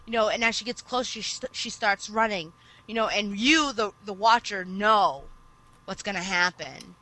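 A woman co-hosting a casual podcast, retelling an anime plot at length in an animated storytelling manner. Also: medium pitch, a little fast, low-quality recording. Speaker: podcast co-host. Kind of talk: casual chat.

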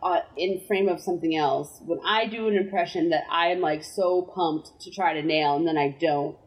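A woman's voice: on the low side, normal speed, rough recording. A woman from Massachusetts co-hosting a casual podcast, wry and self-deprecating, laughing often. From Massachusetts, USA. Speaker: podcast co-host. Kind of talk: casual chat.

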